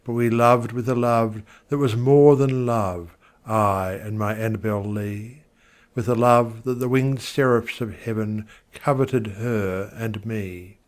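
Slow, theatrical man reciting poetry. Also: fairly low pitch. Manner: slow, theatrical, swelling on repeated words. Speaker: poetry reader.

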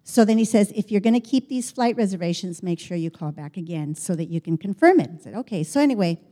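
A woman's voice: medium pitch, fast talker. An older woman telling a personal story in a chatty way, acting out the dialogue as she goes. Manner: chatty, animated, quotes dialogue, frequent restarts.

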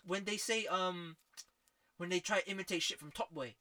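A man's voice: high-pitched, normal speed, noisy background. A young man chatting casually, emphatic and full of slang. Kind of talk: casual podcast chat.

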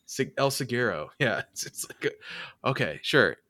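A man hosting a casual movie podcast, animated and laughing often, restarting his sentences. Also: mid-range voice, normal speed, no echo. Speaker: podcast host.

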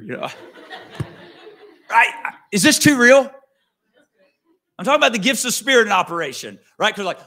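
Male pastor, middle-aged, conversational sermon storyteller, crisp bright tone. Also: high-pitched, very animated, moderate pace, long pauses. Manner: earnest, conversational, with frequent restarts.

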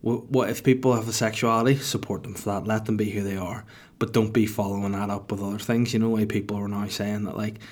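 A man's voice: fairly low pitch, level tone, quick pace, darkish tone. A young man with a Northern Irish accent rambling profanely through a casual podcast monologue. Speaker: podcast host.

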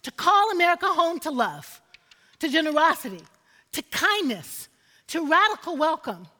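High-voiced woman preaching in a reverberant hall. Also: bright, forceful tone. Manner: emphatic, repeats phrases for effect, calls for amens. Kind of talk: sermon.

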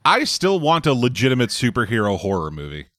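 A man's voice: mid-range voice, wildly swooping pitch, a little fast, fairly bright tone, dry recording. Emphatic swearing man, dry close sound. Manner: emphatic, swears a lot, stammers. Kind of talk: casual chat about films.

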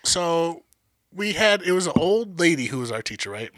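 A man's voice: on the high side, sing-song, normal speed, fairly bright tone, no echo. A man chatting casually in a laid-back, wry, profane way. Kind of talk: casual storytelling chat.

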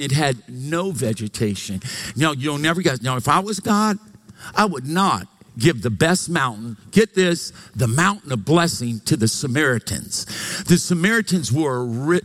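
A man from Louisiana preaches a sermon live in church. His voice sits fairly high, and he talks in an animated, joking way, teasing the congregation. He keeps pulling them in with quick asides. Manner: animated, joking, repeats "get this". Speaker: pastor.

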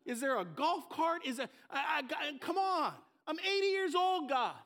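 A man's voice: extremely high pitch, expressive, moderate pace, vocal fry, fairly bright tone, voice pushed up, exaggerated voice. A man voicing Moses as a frail, complaining man of eighty who pleads with God. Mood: whiny. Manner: whiny, pleading.

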